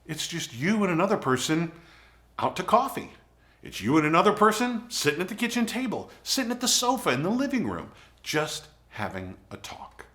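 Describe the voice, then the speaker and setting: A man's voice: on the high side, very animated, normal speed, fairly bright tone. A man hosting his own channel, giving casual, encouraging advice straight to the camera in a conversational way. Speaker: video coaching host.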